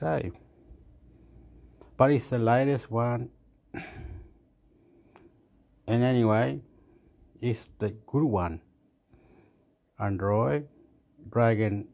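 A man who lives in Australia casually reviewing a phone, rambling and thinking aloud with many pauses. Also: mid-range voice, vocal fry, darkish tone. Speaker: vlogger.

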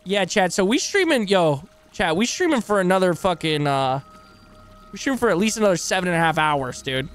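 A man streams a game live and reacts loudly to everything on screen. His pitch jumps all over as he shouts, swears and thanks each new follower by name. The delivery is loose, fast-reacting and unscripted. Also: animated, soft background music. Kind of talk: live gaming commentary.

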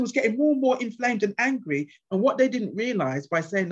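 A woman guest speaker at a conference, answering questions with passionate, animated stories. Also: mid-range voice, brisk, few pauses, breathy edge. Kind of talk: conference Q&A with anecdotes. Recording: dull lo-fi sound.

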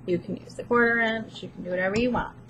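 A woman's voice: a little high, fast talker. A woman talks her way through a casual craft tutorial at home. She is chatty, pokes fun at herself, and keeps talking as she works. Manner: chatty, self-deprecating, talks while working. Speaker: planner vlogger. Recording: steady background noise.

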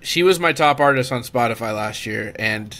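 A man co-hosting a casual podcast, excitable and quick to laugh, full of "like" and "dude.". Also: mid-range voice. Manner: excitable, laughs easily, says "dude" and "like" a lot. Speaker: podcast co-host. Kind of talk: casual chat.

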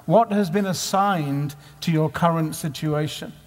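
In a reverberant conference hall recorded live, a man with a highish voice delivers an unhurried sermon. He keeps it conversational and leans on frequent rhetorical questions.

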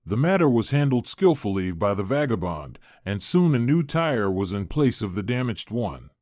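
Man narrating a story, lively pitch. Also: moderate pace, no room sound, clean studio sound.

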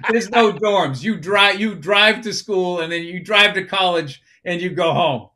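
A man's voice: sits high, slow, bright, forceful tone, a little hiss or hum. A man hosting a casual podcast as a comedian, blunt and profane, needling his co-host.

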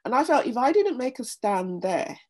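A middle-aged woman speaking earnestly as an interview guest, animated when retelling stories. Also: a little high, normal speed. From United Kingdom. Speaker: interview guest, pastor and former nurse. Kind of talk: reflective conversation.

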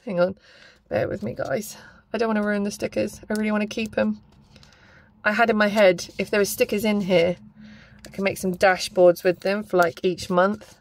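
A woman's voice: medium pitch, little pitch movement, normal speed, a little mellow. A young woman chatting casually as she unboxes stationery, gushing and exclaiming often.

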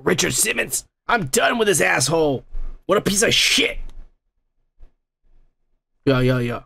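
A man's voice: high voice, gravelly, fairly bright tone. A man hosting a comedy podcast, ranting and swearing constantly in a crude, rambling way. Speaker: podcast host. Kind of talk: crude drunken comedy rant.

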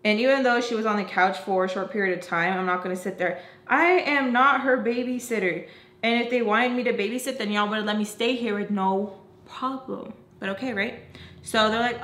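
A woman's voice: mid-range voice, normal speed, fairly bright tone. A young woman vlogger telling a casual story, frank and profane, with lots of fillers. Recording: roomy echo.

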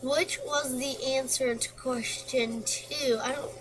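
Reading quiz questions and answers aloud at her computer, a woman mumbles to herself in casual gameplay commentary. Her voice is high and steady, and she takes her time. The home recording is noisy.

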